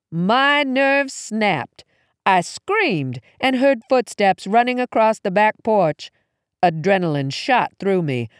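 A woman reads a first-person suspense story aloud with a lively, rising and falling delivery. Her tone stays hushed and tense. The recording is close and dry, with no room sound. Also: on the low side, no echo. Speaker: audiobook narrator.

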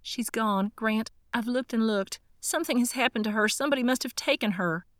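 A woman voicing a frightened young woman desperately searching for her missing mother, pleading in a rushed, breathless way. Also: a little high, no echo, clean studio sound, voice pushed up, natural voice. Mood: frantic.

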